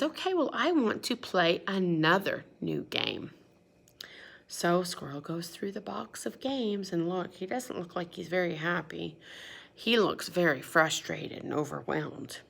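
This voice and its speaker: Using a medium-pitched voice with vocal fry, a woman teacher reads a picture book to young children and asks them questions as the storytime lesson goes on. Her delivery is animated and pitched at kids.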